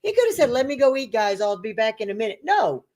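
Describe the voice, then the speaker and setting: A woman hosting a live talk stream, telling stories in casual chat and acting out the other people's lines in a lively, profane way. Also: on the high side, fast talker. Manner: profane, animated, acts out voices in her stories.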